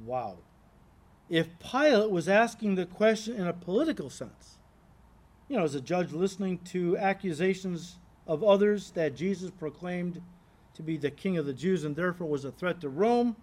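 Male pastor, fairly high voice, emphatic teaching sermon that walks through scripture. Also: animated, normal speed, darkish tone. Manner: earnest, emphatic teaching, addresses listeners as "guys"; reads scripture aloud and explains it. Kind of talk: expository sermon.

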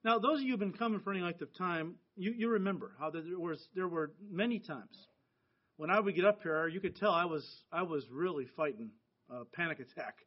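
A man's voice: high voice, a little fast. A middle-aged American man preaching a sermon to his church in an earnest, conversational way. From United States. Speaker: pastor. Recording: dull lo-fi sound.

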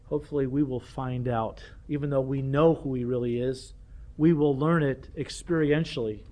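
An older man preaching a sermon, animated and self-deprecating, often repeating himself as he talks. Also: mid-range voice, normal speed. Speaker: pastor.

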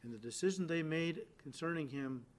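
Emphatic preacher with a higher voice. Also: male voice, normal speed. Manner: emphatic, swings from loud stresses to quiet low endings; addresses listeners directly, acts out quoted lines. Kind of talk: sermon.

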